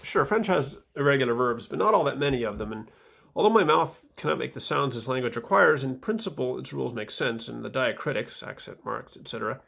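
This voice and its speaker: A man reading his own footnotes aloud in a casual vlog, dry and wry, with fillers and soft mumbled asides. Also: medium pitch, lively intonation, fairly quick, creaky, husky.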